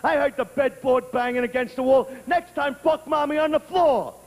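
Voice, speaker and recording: A man voicing a bossy, foul-mouthed little boy who makes loud demands and shouts. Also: very high-pitched, fairly even intonation, moderate pace. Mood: yelling. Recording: echoey hall with clear noise.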